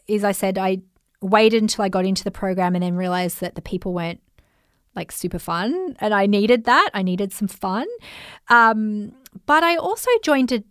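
A woman with an Australian accent hosting a podcast, telling stories in a chatty, animated way and acting out the voices of people she quotes. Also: medium pitch, smooth, no echo, clean studio sound. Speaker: podcast host. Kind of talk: casual storytelling monologue.

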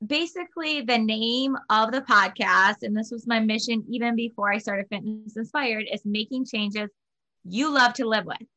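A woman's voice: mid-range voice, sharp tone. A young adult woman hosting a podcast, talking in an upbeat, chatty way and repeating phrases for emphasis. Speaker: podcast host. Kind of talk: casual podcast chat.

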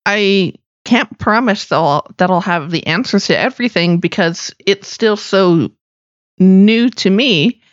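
A woman's voice: mid-range voice, measured pace, no room sound, highs cut off, natural voice. A woman playing an earnest young woman bound in service to a fae court, speaking thoughtfully with hesitant restarts.

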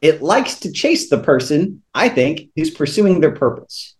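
A man's voice: a little high, measured pace. Earnest man talking faith and money. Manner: earnest, animated storyteller with frequent restarts. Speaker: returning podcast guest. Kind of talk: faith-based podcast conversation.

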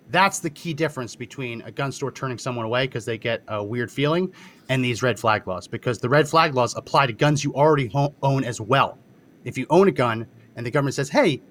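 A man in casual podcast talk, his voice sitting in an ordinary middle pitch. He argues his points steadily and drops in frequent short agreements while his co-host speaks. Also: a bit bright. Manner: argumentative, quick to agree with short yeahs.

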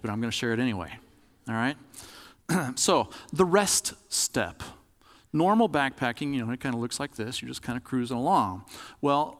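A man's voice: medium pitch, big-room sound. A man preaching a sermon in a conversational, demonstrative way, acting out examples as he talks.

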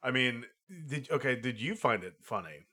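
A man chatting casually about a movie, halting and restarting often with lots of fillers. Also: medium pitch, lively intonation, bright, forceful tone, slightly rough. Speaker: podcast co-host. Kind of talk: casual film review chat.

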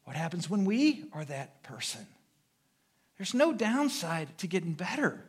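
A man's voice: sits high, measured pace, breathy edge. A middle-aged American man preaching a sermon as pastor, telling stories with humor and imitating horn beeps. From United States. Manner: animated, humorous storytelling with vocal sound effects.

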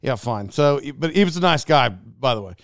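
Animated male host telling a story. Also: medium pitch, normal speed, gravelly, clear, resonant tone, no echo, clean studio sound. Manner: animated, acts out quoted dialogue. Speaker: podcast host. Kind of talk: casual storytelling monologue.

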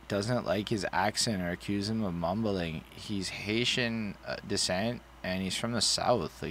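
A man with a lowish voice chats casually about a record, swearing freely and wandering from point to point. A faint hiss of noise sits under his voice. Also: a bit bright. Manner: loose, profane, rambling. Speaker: podcast co-host reviewing an album. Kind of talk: casual album review chat.

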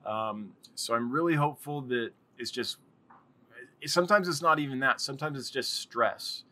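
Bright-voiced man hosting a chatty livestream. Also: medium pitch, moderate pace. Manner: rambling, chatty, laughs often. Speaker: live stream host. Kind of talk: casual live stream chat.

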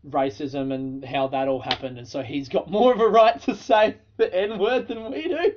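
An Australian podcast host tells stories alone in a loose, profane, casual style, laughing along the way. His slightly high voice moves at a moderate pace, and the sound is a bit dull and lo-fi with slight background noise.

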